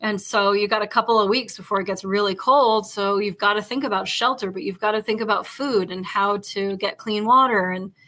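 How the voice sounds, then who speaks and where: A woman's voice: mid-range voice, brisk, hardly any pauses. A woman hosting a podcast, telling long rambling stories in casual chat with lots of fillers. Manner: rambling, animated storytelling full of fillers. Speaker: podcast host.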